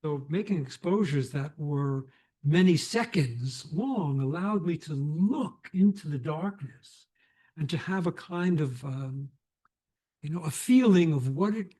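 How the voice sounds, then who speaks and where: An older man, a photographer, telling anecdotes on a lecture stage in a reflective, animated way with restarts. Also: fairly high pitch, a little slow, husky. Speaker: photographer guest. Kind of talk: conversational storytelling.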